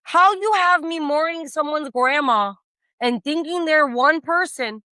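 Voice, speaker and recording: A woman co-hosting a podcast in a lively, profane, storytelling way. Her voice is bright and a little high, recorded close and dry with no room sound. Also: a little slow, dry recording. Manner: animated, swearing, storytelling. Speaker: podcast co-host. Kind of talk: casual chat.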